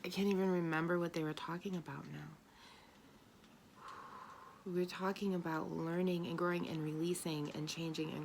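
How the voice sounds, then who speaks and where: A woman giving a casual, animated spiritual talk as a tarot reader. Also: fairly low pitch, moderate pace, creaky, long pauses, background noise. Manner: animated, chatty, laughs often.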